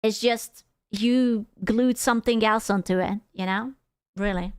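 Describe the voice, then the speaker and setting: Woman streamer from Europe, sweary and sarcastic, higher voice, dry close sound. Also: fairly even intonation, a little slow, smooth, dry recording. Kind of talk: casual reaction stream.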